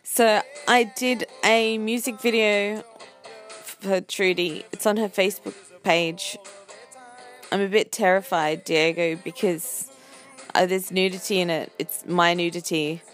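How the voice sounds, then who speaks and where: Slow-talking Australian woman. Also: medium pitch, fairly even intonation, faint music behind. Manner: chatty, rambling, self-deprecating. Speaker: podcast host. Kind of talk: casual chat.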